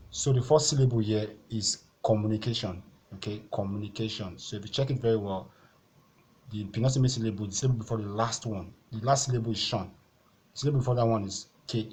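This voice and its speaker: A Nigerian man with a fairly low voice teaches an exam-prep lesson from a board. He talks patiently and repeats each point, dropping in "okay" and "so" as he goes. A faint hiss of noise sits under the recording. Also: a little mellow.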